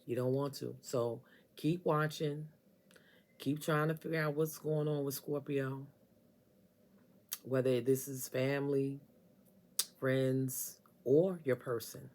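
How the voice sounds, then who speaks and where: A woman's voice: rumbling low, fairly even intonation, a little slow, darkish tone. A woman giving a casual tarot reading, talking straight to the listener in an emphatic, sassy way and repeating phrases for effect. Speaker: tarot reader.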